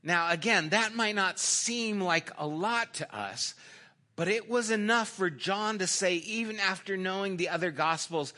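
Male pastor, sermon, bright tone, slow storytelling delivery. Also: high voice, expressive. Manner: storytelling, acts out quoted lines in a dropped, softer voice; conversational, with small restarts.

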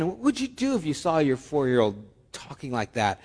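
A male pastor preaching with animated delivery, swinging from loud, emphatic lines to soft, hushed ones. His voice is fairly high for a man. It rings out with a long reverb, as if he is in a church hall. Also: normal speed. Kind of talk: sermon.

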